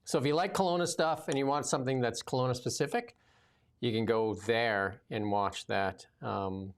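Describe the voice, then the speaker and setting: A man's voice: mid-range voice, moderate pace, clear, resonant tone. A man hosting a casual political talk show, rambling with many fillers. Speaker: podcast host.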